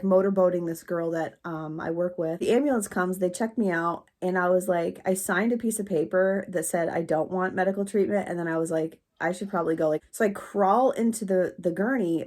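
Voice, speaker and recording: A woman's voice: on the low side, a little mellow. A woman who runs a small pottery and candle business, chatting casually on her vlog and telling a candid, rambling story with crude humor.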